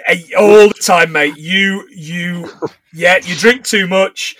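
A middle-aged man co-hosting a podcast, chatting casually about a film, laughing often and retelling scenes in rough put-on voices. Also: high voice, steady tone, slow pace, a bit bright. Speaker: podcast co-host. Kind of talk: casual chat recapping a film.

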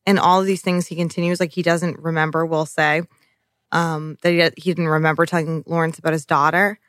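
A woman's voice: low-pitched, flat delivery, a little fast, a bit bright, no echo. Blunt woman podcaster, dry sound. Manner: blunt, swearing, laughs often. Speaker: podcast co-host. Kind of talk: casual chat.

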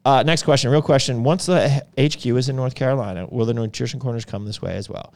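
A man co-hosting a casual podcast, talking in a relaxed, rambling way with lots of fillers. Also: mid-range voice, quick pace, gravelly. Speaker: podcast co-host, supplement store owner.

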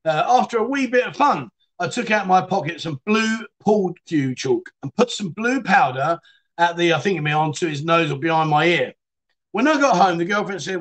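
A man's voice: sits high, lively intonation, normal speed, fairly bright tone. A man hosting a casual livestream chat show, reading out viewer stories and telling his own in a chatty, cheeky way. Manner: chatty, cheeky storyteller who laughs as he goes.

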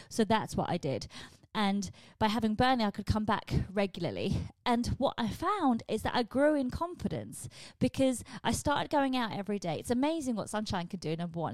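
A woman, talking candidly and casually in a solo podcast, swearing freely and jumping in pitch. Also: a little mellow, no room sound. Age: 40s. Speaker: podcast host.

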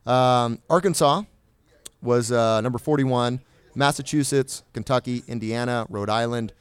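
Man, podcast host, smooth clear voice, dry close sound, casual chat with stats. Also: mid-range voice, unhurried, dry recording. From California. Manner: reads stats with fillers and laughs.

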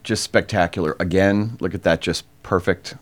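A man's voice: low voice, fairly even intonation, normal speed. A man co-hosting a casual podcast, describing tastes and aromas in detail and comparing them to foods and wine. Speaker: podcast co-host reviewing cigars. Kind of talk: casual chat.

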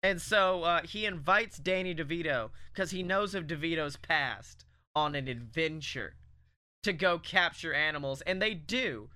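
A man co-hosting a comedy podcast rambles excitedly through an invented story, full of ums, swearing and laughs. His voice is high and bright, with a smooth, clear tone. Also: measured pace. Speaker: podcast co-host. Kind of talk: casual comedy chat, pitching a made-up movie plot.

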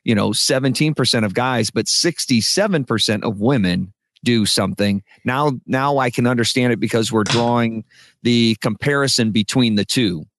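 A man's voice: medium pitch, normal speed, fairly bright tone, no echo. A middle-aged man who produces radio commercials, patiently explaining production tips step by step in a podcast discussion. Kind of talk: advice in a podcast critique.

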